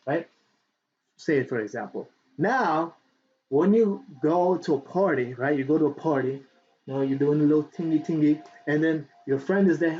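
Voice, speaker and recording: Speaking at a normal speed in a slightly high voice, this man teaches affiliate marketing on camera in a relaxed, talkative way, repeating himself and tossing in "right?" constantly. He grabs for books while talking animatedly, and the sound is dull and lo-fi with a little background noise.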